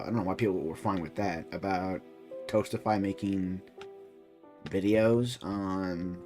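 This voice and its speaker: Rambling low-voiced young streamer, faint music. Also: male voice. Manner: rambling, profane, lots of restarts and "right?". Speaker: streamer reacting to a video. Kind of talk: casual reaction commentary.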